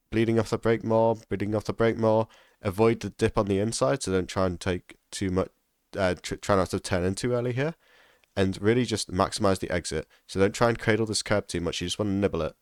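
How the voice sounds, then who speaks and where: A man's voice: sits low, no room sound, clean studio sound. A man giving casual instructional commentary over a sim racing lap, repeating key tips for emphasis.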